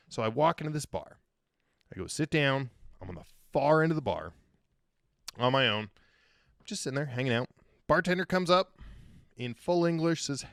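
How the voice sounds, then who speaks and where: A man's voice: medium pitch, gravelly, no room sound, clean studio sound. A man telling a funny story as a podcast guest, swearing and joking casually. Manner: animated, profane, joking.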